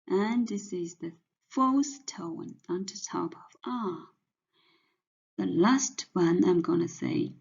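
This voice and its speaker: A woman teaching pinyin in a slow lesson, saying each syllable several times over. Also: fairly low pitch, sing-song, creaky, a little mellow, breathy edge. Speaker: Chinese teacher. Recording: dull lo-fi sound.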